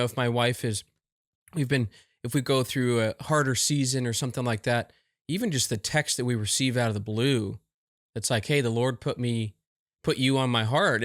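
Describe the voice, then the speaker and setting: A man's voice: medium pitch, a bit bright, dry recording, studio quality. Male podcast host, reflective and affirming. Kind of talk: casual interview chat.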